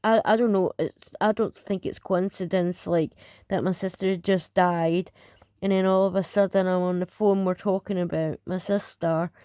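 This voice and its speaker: A woman's voice: lowish voice, steady tone, moderate pace, warm tone, clean tone, no echo, clean studio sound. A Scottish woman reacting to videos in casual, hesitant commentary with many fillers.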